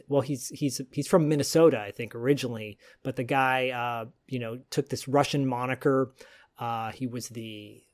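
A man co-hosting a podcast, telling a story in a rambling, enthusiastic way. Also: mid-range voice. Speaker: podcast co-host. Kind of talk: casual chat.

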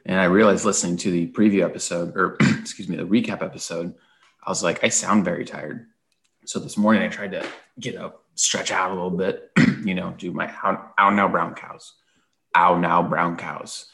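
A man with a low, gravelly voice co-hosts a sports podcast. He sounds tired from an early start. His chatty, rambling talk wanders and restarts. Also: fairly even intonation, brisk, a bit bright. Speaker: podcast co-host. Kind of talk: casual sports podcast chat.

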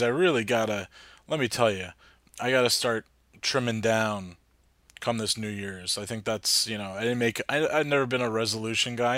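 A man's voice: medium pitch, fairly bright tone, no room sound. A man from New Jersey hosting his podcast in rambling, casual chat full of fillers. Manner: rambling, chatty, lots of fillers and restarts. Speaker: podcast host.

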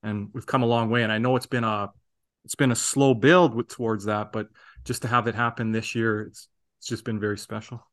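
A man's voice: on the low side, fairly even intonation, fairly quick. A man co-hosting a fan podcast in casual sports chat, talking in a rambling, earnest way. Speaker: podcast co-host.

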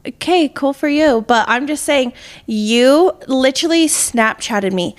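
A young woman co-hosting a casual chat podcast, playful and teasing, firing back quick comebacks. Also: sits high, animated. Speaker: podcast co-host.

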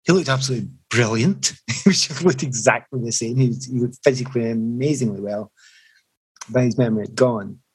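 A man's voice: mid-range voice, fairly quick, slightly rough, poor audio. A middle-aged man, a former footballer, telling reflective stories in an interview. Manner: reflective, animated anecdotes with restarts. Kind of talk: storytelling in an interview.

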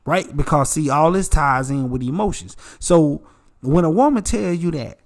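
Animated preachy man, slightly high voice. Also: normal speed. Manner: animated, preachy, addresses listeners as bro and y'all. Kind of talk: casual advice talk.

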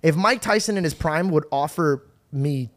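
A man's voice: on the high side, moderate pace. A male comedian in casual podcast chat, laid-back, swearing and calling people bro.

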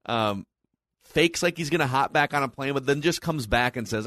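A man's voice: mid-range voice, a bit bright, no room sound, studio quality. Incredulous man on a movie podcast. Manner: incredulous, rapid-fire questions. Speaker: podcast co-host. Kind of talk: casual movie review chat.

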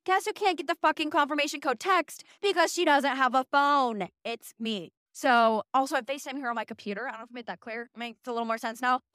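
High-voiced young woman telling stories. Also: quick pace, hardly any pauses, no room sound, clean studio sound. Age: early 20s. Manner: animated, profane, self-mocking. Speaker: podcast host. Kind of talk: casual storytelling monologue.

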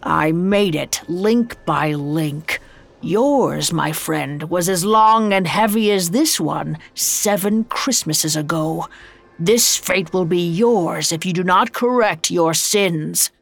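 A woman voicing the grim ghost of an old businessman, weighed down by chains, speaking slowly and gravely. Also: lowish voice, full character voice. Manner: grim, growling, slow.

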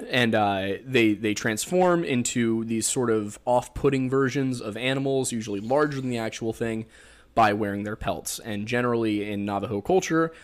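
A young man with a Pennsylvania accent, hosting a podcast and explaining folklore in a rambling, joking way full of fillers. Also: on the low side. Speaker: podcast host. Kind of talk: casual chat.

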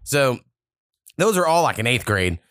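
A man's voice: medium pitch, very animated, measured pace, fairly bright tone, no echo, clean studio sound. A young man, hosting a casual podcast and telling long, profane, rambling stories. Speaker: podcast host.

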